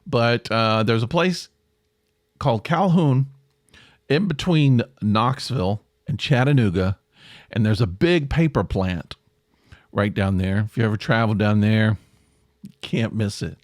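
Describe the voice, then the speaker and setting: A middle-aged man hosting a casual solo podcast, rambling and self-deprecating, jumping up in pitch for emphasis. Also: unhurried, pauses often, no echo, clean studio sound. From American South. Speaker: podcast host.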